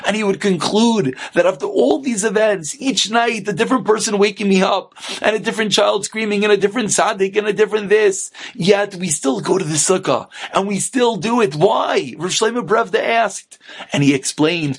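High, gravelly rabbi telling a story. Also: male voice, normal speed. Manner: animated, acting out voices. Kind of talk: storytelling sermon.

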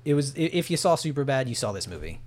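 Casual male co-host, mid-pitched voice, rambly plot recap. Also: sing-song, fast, darkish tone. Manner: rambling, loose storytelling with many fillers. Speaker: podcast co-host. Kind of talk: casual movie recap chat.

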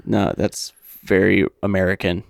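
A man's voice: low-pitched, flat delivery, a little slow, gravelly, no echo, studio quality. A man co-hosting a podcast in casual chat, playful and crude with jokes. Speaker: podcast co-host.

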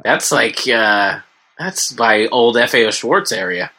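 Bright, lively wisecracking man. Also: mid-range voice. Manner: quick, wisecracking asides. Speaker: podcast co-host. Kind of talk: casual comedic chat.

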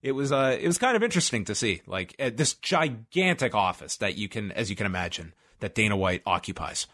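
A man's voice: fairly low pitch, lively intonation, fairly quick, fairly bright tone. A man co-hosting a podcast, telling rambling, jokey stories in casual chat. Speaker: podcast co-host.

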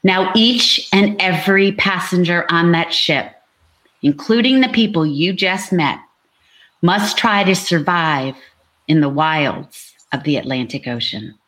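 A woman author speaks expressively and laughs easily at a livestreamed book event. Her voice sits somewhat low for a woman. She is heard over a video call. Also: a little slow, fairly bright tone.

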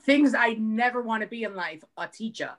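A woman's voice: a little high, animated, moderate pace, fairly bright tone. A woman in her thirties with a New York accent, a guest author chatting on a podcast, blunt and jokey, swearing freely. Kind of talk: casual podcast chat.

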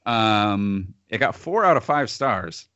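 A man's voice: lowish voice, sing-song, takes it slowly, sharp tone, no echo, dull audio. A man in casual chat, co-hosting and reviewing films, sardonic and often laughing between phrases. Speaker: podcast co-host reviewing films.

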